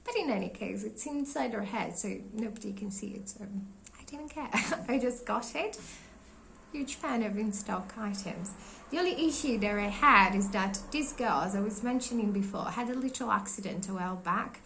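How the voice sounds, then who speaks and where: A woman's voice: mid-range voice, expressive, moderate pace, vocal fry, a bit bright, low-quality recording. Young woman, casual vlog chat, losing her voice, rambling, faint room hum behind. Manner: chatty, rambling, searches for names, laughs often. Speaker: doll collector vlogger. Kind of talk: casual show-and-tell vlog.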